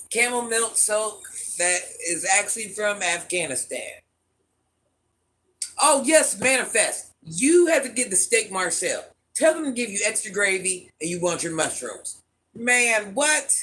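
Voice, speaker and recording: A man's voice: high voice, pushed and bright. A man with a mixed country accent chatting playfully on a live stream, answering viewers' comments. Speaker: livestream host reading chat. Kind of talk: casual live-stream chat.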